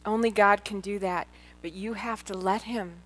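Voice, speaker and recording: A woman's voice: medium pitch, steady tone, normal speed, a bit bright. A middle-aged woman giving a personal testimony talk to a live audience, earnest and heartfelt, speaking directly to her listeners as a Christian speaker.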